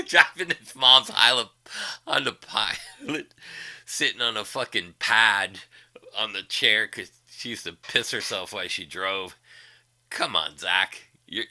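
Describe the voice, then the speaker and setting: A man's voice: lowish voice, expressive, unhurried, sharp tone. A man hosting a casual livestream, profanely mocking a rival with frequent laughter. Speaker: livestream host.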